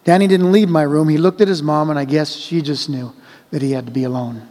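A man reading a child's story aloud in a slow, gentle, measured way. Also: fairly high pitch, fairly even intonation. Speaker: reader. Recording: long hall reverb.

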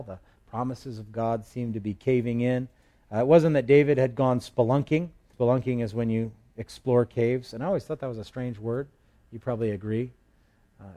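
A male pastor teaching through the Psalms in a relaxed, conversational way, reading verses aloud with emphasis and slipping in light humor. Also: mid-range voice. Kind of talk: expository Bible teaching.

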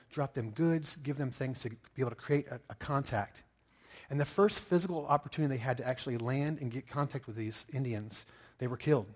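A middle-aged man preaching a sermon, telling stories with lively bursts of loud emphasis. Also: medium pitch. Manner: animated storytelling with sudden loud outbursts. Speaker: pastor.

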